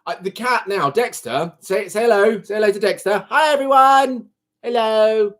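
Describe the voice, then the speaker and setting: A man's voice: sits high, moderate pace, a bit bright. A British man hosting a casual live stream from his computer at home, chatting in a rambling, self-deprecating way. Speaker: livestream host. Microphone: computer mic.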